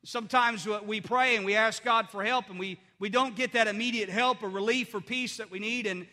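Male pastor, high bright voice, earnest, restarts a lot, echoing church hall. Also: fairly even intonation, fairly quick. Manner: earnest, conversational with frequent restarts and fillers. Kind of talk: sermon. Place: church sanctuary. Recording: long hall reverb.

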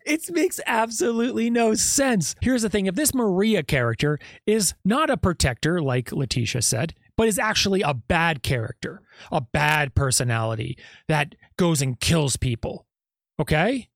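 A man's voice: fairly high pitch, animated, normal speed, creaky, few pauses, dry recording, studio quality. A man hosting a podcast, giving skeptical true-crime commentary full of rhetorical questions. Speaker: podcast host.

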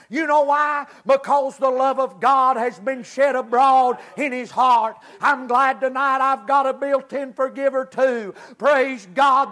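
A man's voice: extremely high pitch, a bit bright. A middle-aged man, preaching a fervent sermon to a church congregation and dropping in "amen" and "praise God" between his sentences. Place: church service.

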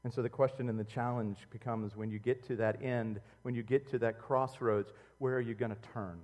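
Animated preacher in a reverberant hall. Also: male voice, a little fast. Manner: animated preaching, swinging between loud outbursts and quiet, low intimacy. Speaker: pastor. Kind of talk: sermon.

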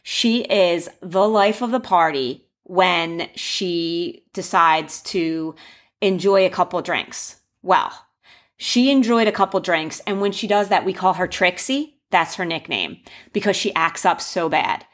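A young woman casually telling the story of her wedding and giving advice, animated, acting out the quoted voices with gasps. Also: on the low side, unhurried. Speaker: bride sharing wedding advice.

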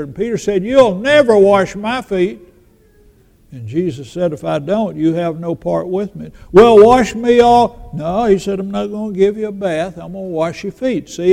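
An older man preaches a sermon in a folksy, storytelling style, acting out the voices of those he quotes. His voice sits high and is gravelly and mellow, with long reverb from a large hall.

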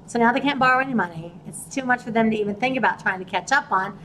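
A podcast host who is also a real estate investor tells a story casually, acting out the people she spoke with in quoted voices. Her voice is a little high and a bit bright, and she talks quickly. The recording is rough, with slight background noise.

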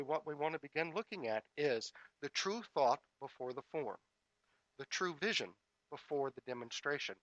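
Bright-voiced male minister preaching. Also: medium pitch, no echo, highs cut off. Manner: measured, repetitive incantatory cadence. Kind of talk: spiritual sermon.

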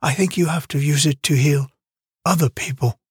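A man's voice: a little high, normal speed, slightly rough, no echo, studio quality. A man voicing a moody, proud twelve-year-old boy in an audiobook, answering curtly and defiantly. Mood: sulky. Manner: curt, sulky, defiant. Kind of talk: audiobook character reading.

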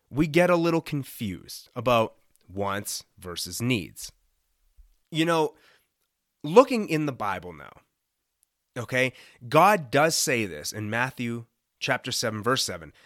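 Young man, devotional podcast host, lively pitch, dry close sound, conversational and earnest. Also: no echo. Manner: conversational, often asks "right?"; earnest, lightly joking. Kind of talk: casual devotional talk.

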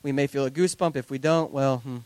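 A man in his thirties, a pastor preaching a sermon to his congregation in an animated, conversational way with joking asides. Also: mid-range voice, quick pace, clean tone, no echo. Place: church service before a congregation.

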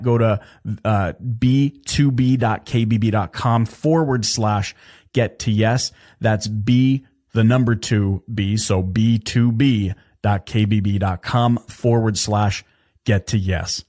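A man hosting his own podcast, talking in an energetic, chatty way with lots of fillers and restarts. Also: lowish voice. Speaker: podcast host. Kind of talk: casual solo podcast talk.

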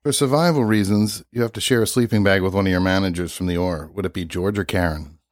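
A man with a low voice talking in an easygoing way, with dry jokes. His speech is close to the mic and dry, with no room sound. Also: quick pace, no echo. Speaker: podcast co-host. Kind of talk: casual podcast chat.

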